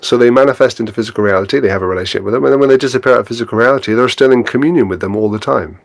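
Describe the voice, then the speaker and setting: A man, a podcast guest, in a casual spiritual conversation, telling stories in a lively way. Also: medium pitch, rapid-fire, vocal fry, no room sound. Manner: animated storyteller, acts out scenes.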